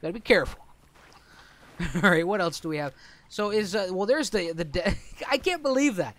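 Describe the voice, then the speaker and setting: A man's voice: sits high, animated, normal speed, a bit bright. A man commenting on his own gameplay in a chatty, joking way, laughing often. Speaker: let's play host.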